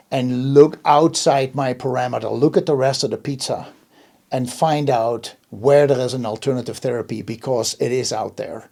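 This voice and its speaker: A man's voice: medium pitch, steady tone, normal speed, vocal fry, darkish tone. A man hosting an interview in casual chat, emphatic and often restarting his words. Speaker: host.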